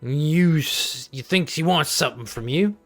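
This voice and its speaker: A man acting as game master of a tabletop game, rambling with many fillers and quick laughs. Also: a little high, a bit bright, soft background music.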